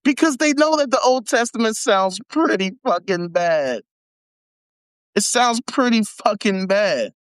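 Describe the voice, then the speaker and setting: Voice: medium pitch, animated, unhurried, dry recording. Profane mocking livestream ranter. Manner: profane, mocking, laughs between rants. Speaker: livestream host. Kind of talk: live commentary reading an article aloud. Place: home setup for a live video.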